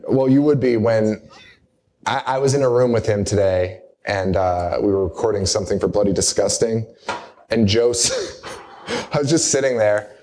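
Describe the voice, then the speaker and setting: A man's voice: fairly low pitch, lively intonation, normal speed, dark tone, a little hiss or hum. A young man hosting a live horror podcast, recapping a movie in rambling, casual banter with lots of laughter and acted-out quotes. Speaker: podcast host. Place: live show in a bar or venue.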